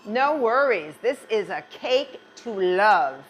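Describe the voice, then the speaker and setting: A woman's voice: medium pitch, sing-song, takes it slowly, slight background noise. A middle-aged woman chef giving a cooking demonstration, chatty and reassuring, often repeating words for emphasis.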